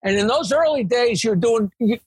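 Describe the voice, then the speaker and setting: An older man, a comedian telling a story in an interview, animated and digressive. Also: extremely high pitch, moderate pace, husky, no echo. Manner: animated, digressive storytelling with swearing and quoted voices. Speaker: comedian, guest.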